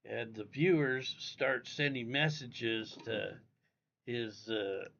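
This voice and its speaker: Gravelly, profane rambling man streamer. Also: medium pitch, slow pace, fairly bright tone, a little hiss or hum. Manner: profane, meandering, talks straight to viewers. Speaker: livestream host. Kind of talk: rambling casual livestream chat. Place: indoors at home. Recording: dull lo-fi audio.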